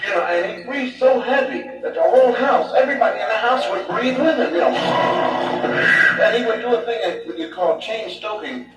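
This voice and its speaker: A man telling rambling, animated stand-up stories, recorded from a distance in a roomy space. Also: very high voice, normal speed. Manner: rambling, animated, leans on 'you know'. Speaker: stand-up comedian. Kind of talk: stand-up storytelling. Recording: echoey distant live recording with music.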